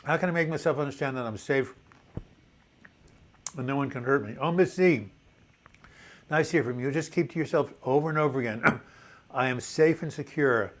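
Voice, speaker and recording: A seventy-year-old man hosts a casual live video chat, speaking at a medium pitch, fairly quickly, and with frequent pauses. He reads viewer comments out loud and replies in a chatty, upbeat way, often restarting his words.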